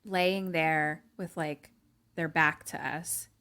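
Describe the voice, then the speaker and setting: A woman's voice: takes it slowly, smooth. A young woman co-hosting a casual podcast, retelling a film scene by scene and acting out the characters' lines, with many fillers. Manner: animated storytelling, acts out lines in a higher voice, many "like" fillers. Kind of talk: casual chat.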